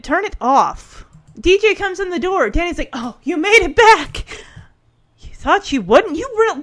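A woman commenting casually on a TV episode, telling the story in an animated way and acting out the characters. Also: sits high. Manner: chatty, with many fillers and restarts. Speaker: reaction video host.

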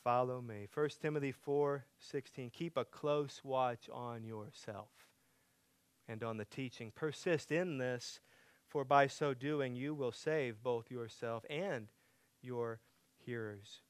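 A man preaching a sermon as pastor, moving between emphatic loud passages and hushed quiet ones. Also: medium pitch, slow pace, smooth, no echo.

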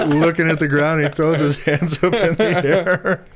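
A man telling a story on a casual podcast, swearing freely and acting out shouted lines. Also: on the high side, takes it slowly. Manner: animated storyteller, swears a lot, acts out shouted quotes. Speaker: podcast co-host.

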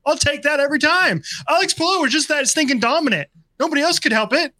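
A man co-hosting a sports talk radio show, blunt and emphatic. His voice is very high and bright. The sound is dry and close. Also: fast, no room sound. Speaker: radio co-host. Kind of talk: casual sports radio banter.

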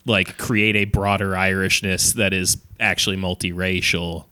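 A man's voice: low-pitched, flat delivery, moderate pace, sharp tone, smooth. A man hosting a podcast, asking questions casually with lots of fillers. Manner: filler-heavy questions, laughs easily. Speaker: podcast host.

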